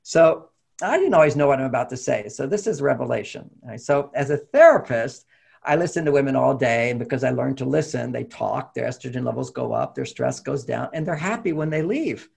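A middle-aged man, a therapist, telling a personal story in a lively way and acting out the lines of the people in it. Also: medium pitch, a little fast, creaky, husky. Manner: animated storytelling, acting out quotes. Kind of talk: storytelling talk.

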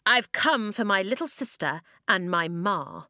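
A woman's voice: medium pitch, expressive, a little slow, sharp tone, dry recording, studio quality. A woman voicing a brave, defiant boy inventor who speaks up proudly. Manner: bold, proud.

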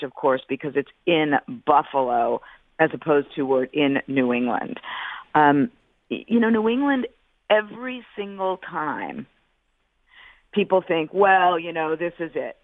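A middle-aged woman, a football analyst calling in as a radio guest, speaking deliberately and repeating words for emphasis. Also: low-pitched, lively intonation, no room sound. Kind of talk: sports radio phone interview. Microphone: phone. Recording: tinny phone line.

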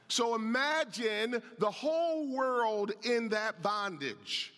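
A man's voice: high-pitched, slow, few pauses. A man preaching a sermon as pastor, calling out to the congregation and reading scripture. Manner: animated preaching, calls out to the congregation; reads and comments on scripture. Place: church sanctuary. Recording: long reverb of a large hall.

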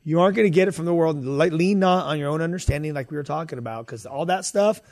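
Podcast guest, male, earnest and casual, fairly high voice, dry close sound. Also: fast talker, a little mellow, no echo. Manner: earnest, many fillers and restarts. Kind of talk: casual faith talk.

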